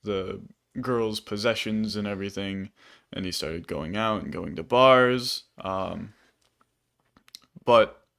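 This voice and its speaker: A man talks through a film on a casual podcast, meandering and full of fillers. His voice sits low and easygoing. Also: slow pace, creaky, long pauses, fairly bright tone. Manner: rambling, many fillers. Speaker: podcast co-host. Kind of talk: casual movie review chat.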